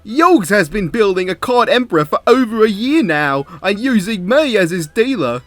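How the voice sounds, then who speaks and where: A loud, theatrical teenage card duelist recording a melodramatic confession in an exaggerated put-on accent, as a man does the voice. The voice sits bright and high, lively in pitch, recorded close and dry with faint music underneath. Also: moderate pace, no echo. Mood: dramatic.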